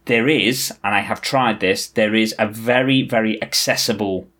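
A man's voice: on the low side, normal speed. A man co-hosting a podcast, chatting enthusiastically about retro games. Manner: enthusiastic, animated. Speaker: podcast co-host.

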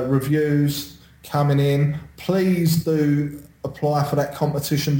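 Podcast co-host, wry jokes, casual chat, roomy sound, light hiss. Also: male voice, mid-range voice, dark tone. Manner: joking, wry.

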